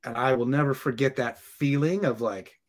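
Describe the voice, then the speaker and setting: Man telling a lively story. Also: medium pitch, normal speed. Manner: animated, acts out dialogue and laughs while telling. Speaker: firefighter guest. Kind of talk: casual storytelling in an interview.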